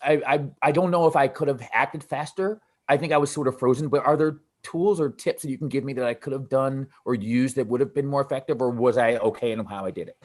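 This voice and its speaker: A man who works as a DJ, telling a personal story in an animated way with halting restarts. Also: mid-range voice. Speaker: DJ asking a question.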